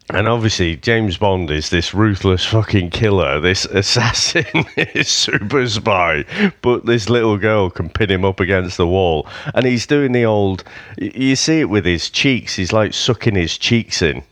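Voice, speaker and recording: A man on a casual film review podcast with a low voice that still rises and falls a lot. He talks wryly, swearing as he picks apart scenes. The recording is dry and close. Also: no echo. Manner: wry, swearing, quoting lines in put-on voices. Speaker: podcast co-host.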